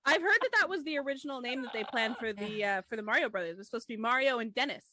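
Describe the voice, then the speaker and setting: A woman co-hosting a podcast, chatting bluntly and swearing, cracking quick jokes. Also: on the high side, lively intonation, bright, forceful tone, slight background noise. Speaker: podcast co-host. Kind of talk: casual chat.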